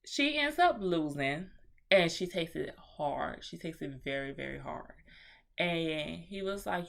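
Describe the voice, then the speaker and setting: A woman giving a chatty, animated movie review in a casual vlog, with slang and swearing. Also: sits low, unhurried, creaky.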